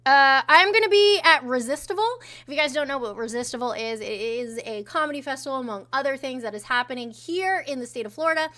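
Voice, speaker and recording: Speaking fairly quickly with hardly any pauses, a woman with a high, sharp voice co-hosts a casual livestream. Her delivery is offhand and profane, and she reads viewer messages from the chat aloud.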